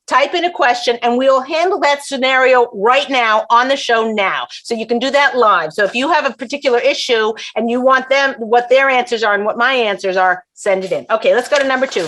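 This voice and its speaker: A woman's voice: high voice, fairly bright tone. A woman hosting a comedic advice game show, chatty and full of asides, acting out little scenes as she explains. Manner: chatty, acts out little scenes with quoted voices; frequent restarts and asides.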